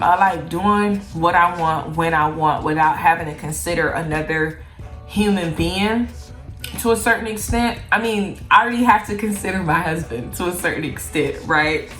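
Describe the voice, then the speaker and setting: Woman vlogger, young adult, low-pitched, chatty and candid, echoey room, faint music behind. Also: a bit bright. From Jamaica. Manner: candid, chatty, heavy use of "like". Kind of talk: casual Q&A chat while eating.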